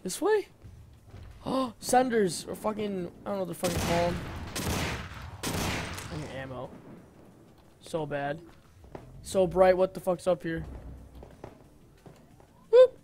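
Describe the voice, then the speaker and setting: A young man hosting a gaming channel, reacting loudly as he plays, swearing constantly and gasping and yelping at scares, speaking into a home desk mic. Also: high-pitched, slow pace, pauses often, background noise. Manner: excitable, swears constantly, yelps and gasps at scares. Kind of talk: live let's-play commentary. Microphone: home desk mic that glitches.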